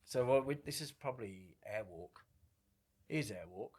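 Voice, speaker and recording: A middle-aged man telling a story casually on a podcast, animated, swearing freely and acting out quoted lines. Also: lowish voice, moderate pace. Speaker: podcast guest.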